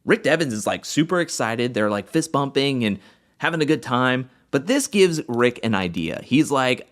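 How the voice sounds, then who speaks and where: A man hosting an animated episode recap, telling the story in a casual way and acting out the quotes. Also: mid-range voice, moderate pace. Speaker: recap host.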